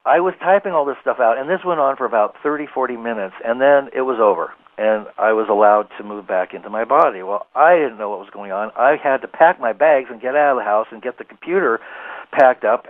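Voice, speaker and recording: Male radio guest, animated rambling storyteller, middle pitch, heard over a tinny phone line. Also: dry recording. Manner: rambling, animated storyteller who laughs easily. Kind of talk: casual radio interview storytelling.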